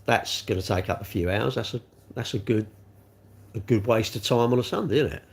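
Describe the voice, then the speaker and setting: A middle-aged man hosting a casual livestream, rambling from one viewer comment to the next. His voice sits low with a gravelly, fried edge, and he keeps calling people mate. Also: brisk, darkish tone. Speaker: livestream host.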